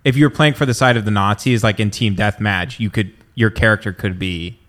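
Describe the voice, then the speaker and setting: A man from the American South hosting a casual podcast chat, speaking in a relaxed, hesitant way with frequent fillers. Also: lowish voice, fairly quick. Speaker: podcast host.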